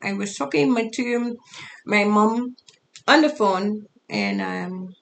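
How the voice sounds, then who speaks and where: A middle-aged woman telling her own story in a halting, casual way, her speech altered so that it sounds foreign. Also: mid-range voice, gravelly, slight background noise. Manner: halting, with fillers and restarts. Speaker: storyteller sharing her life.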